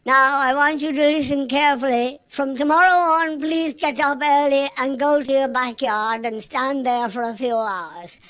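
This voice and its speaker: A woman playing a brisk, pompous doctor in a comic radio sketch, breezy and patronising with patients. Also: high-pitched, fairly even intonation, fairly bright tone. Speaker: radio comedy performer.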